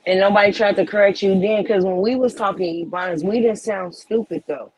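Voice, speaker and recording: A man's voice: high voice, fairly quick, breathy edge, rough recording. A man in casual podcast chat, talking in a rambling, emphatic and blunt way.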